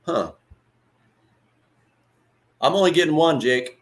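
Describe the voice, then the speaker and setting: A man's voice: a little high, lively intonation, takes it slowly. Laid-back man teaching on a livestream. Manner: loose and chatty, swears freely, greets viewers by name. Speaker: livestream host.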